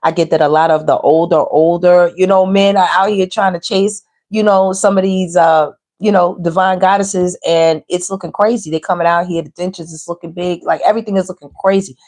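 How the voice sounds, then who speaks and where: Woman doing a tarot reading, kinda low voice, teasing and chatty. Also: steady tone, a little fast, hardly any pauses, darkish tone. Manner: chatty, teasing, talks straight to viewers with slang. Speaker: tarot reader. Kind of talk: casual spiritual reading.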